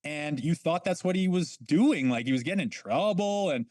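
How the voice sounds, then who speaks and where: A man's voice: on the high side, lively intonation, normal speed, a little mellow, no echo. A middle-aged man, a former hockey player, telling blunt stories in a casual podcast chat. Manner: blunt, swears freely, quotes people in his stories.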